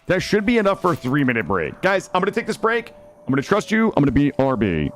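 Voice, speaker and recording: Lively excitable male game streamer. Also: on the high side, fast, slight background noise. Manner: excitable, chatty, prone to screaming. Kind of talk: casual gameplay commentary.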